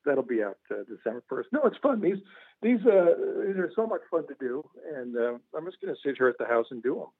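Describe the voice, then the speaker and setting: A man's voice: mid-range voice, sing-song, quick pace, husky, no room sound. A man calling in as a guest author, talking casually and rambling with lots of restarts. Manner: rambling, repeats words, laughs at his own stories. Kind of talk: casual radio interview. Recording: tinny phone line.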